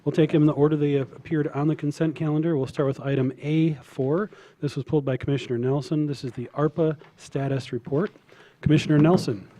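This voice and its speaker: Fast-talking male meeting chair, a bit high, with a mellow tone. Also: little pitch movement, low-quality recording. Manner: procedural, brisk. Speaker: board chair.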